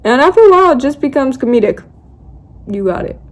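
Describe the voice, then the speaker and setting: A woman's voice: high-pitched, very animated, quick pace. A young woman vlogging, telling a story in a casual, dramatic, self-mocking way and acting out her own quotes. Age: young adult.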